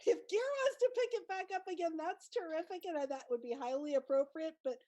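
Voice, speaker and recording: A woman with a high voice excitedly explains what her character feels in a tabletop game. She talks in animated bursts and laughs often. She sounds like she is speaking into a home microphone on a call. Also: moderate pace. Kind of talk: casual role-play chat.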